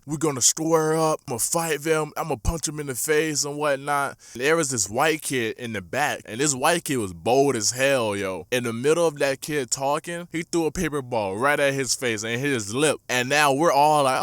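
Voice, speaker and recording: Young man, late teens, storytime vlog, slangy and profane, animated, mid-pitched, dry close sound. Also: clean tone, no room sound. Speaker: YouTuber.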